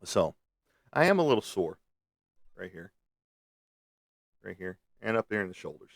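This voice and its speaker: A man's voice: deep voice, very animated, moderate pace, creaky, dry recording, studio quality. Blunt rambling middle-aged man livestreaming. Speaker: live streamer. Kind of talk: casual live stream chat. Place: room at home with bookshelves. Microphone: webcam on a live stream.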